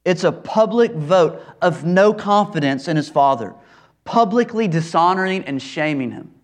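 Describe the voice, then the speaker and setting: A man's voice: sits high, lively intonation, normal speed. A male preacher giving an earnest expository sermon, repeating phrases for emphasis.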